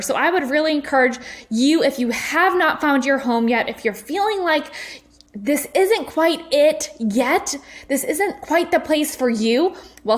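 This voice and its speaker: A woman, hosting a casual motivational podcast from her home kitchen in a chatty, upbeat, folksy way. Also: high voice. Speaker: podcast host and network marketing coach.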